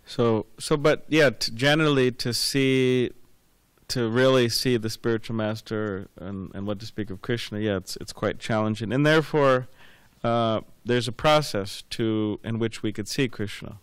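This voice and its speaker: A man's voice: mid-range voice, steady tone, moderate pace, smooth, no room sound. A man giving a scripture class, rambling and repeating words with many fillers, telling anecdotes. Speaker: class speaker.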